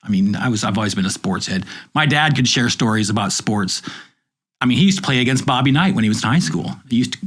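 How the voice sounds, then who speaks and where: A man's voice: mid-range voice, lively intonation, fast, a bit bright, breathy edge. A man, a journalist, chatting in a rambling, enthusiastic storytelling way. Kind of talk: casual chat.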